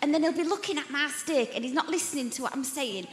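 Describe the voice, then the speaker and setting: A woman doing stand-up comedy on a theatre stage, telling deadpan anecdotes about her partner. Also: high-pitched, fast talker. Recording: echoey theatre hall with crowd noise.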